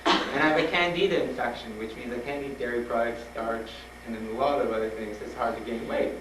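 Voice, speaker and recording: This fast-talking man, medium in pitch, is a school guest speaker sharing a personal story with students in a hall full of listeners. He is animated, voices the dialogue, laughs frequently, and urges them bluntly. The sound comes from a noisy, roomy old tape with a far-off mic.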